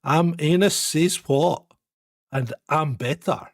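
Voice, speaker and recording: A man's voice: fairly high pitch, takes it slowly, no echo, clean studio sound. A Scottish man playing a pompous politician who gloats about becoming a dictator, in a sneering mock-menacing New Year speech. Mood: gloating. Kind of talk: satirical parody speech.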